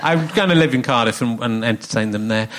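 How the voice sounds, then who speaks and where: A man hosting a casual comedy interview podcast, rambling and self-mocking, with lots of halting restarts. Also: mid-range voice, fairly bright tone. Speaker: podcast host. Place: live audience venue.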